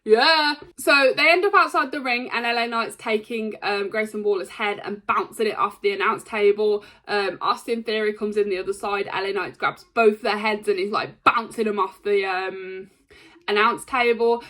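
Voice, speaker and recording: A woman giving a casual, rambling recap of a wrestling show, excitable and full of ums and likes. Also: medium pitch, normal speed.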